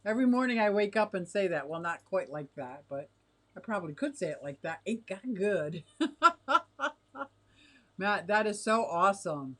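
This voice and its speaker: A woman's voice: on the low side, expressive, moderate pace, pauses often, fairly bright tone. Bubbly giggling woman streaming from home. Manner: bubbly, giggly, chatty, reacting to comments. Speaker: livestream host reading chat. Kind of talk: casual livestream chat. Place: home fish room with tanks.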